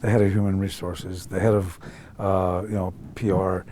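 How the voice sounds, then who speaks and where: Acting out the voices of the people he quotes, an older interview guest spins animated stories. His voice sits low at a normal speed, and a slight hiss or hum can be heard.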